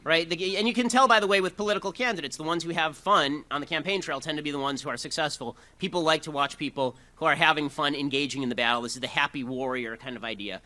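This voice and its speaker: Combative, bright-voiced man. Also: fairly high pitch. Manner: combative and rapid-fire, sarcastic asides. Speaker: public speaker. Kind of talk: political speech with audience Q&A.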